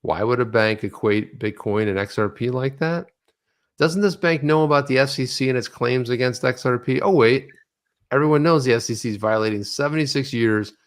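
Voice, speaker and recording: A man co-hosting a casual livestream chat, animated, telling stories and reading tweets aloud. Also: mid-range voice. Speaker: co-host of a crypto news livestream.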